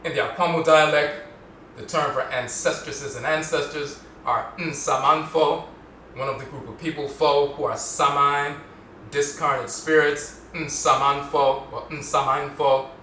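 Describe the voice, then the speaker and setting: A man hosting a solo podcast lecture, explaining at length and slowly repeating terms to show how they are pronounced. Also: fairly high pitch, bright, forceful tone, a little hiss or hum. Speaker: podcast host. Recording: roomy echo, mic at a distance.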